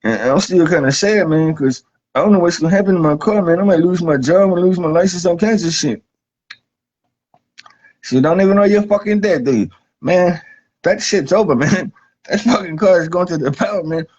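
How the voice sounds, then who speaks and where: A man's voice: high voice, brisk, a little mellow. A man delivering a rambling, profane comic monologue, saying "man" at the end of nearly every line. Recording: dull lo-fi recording.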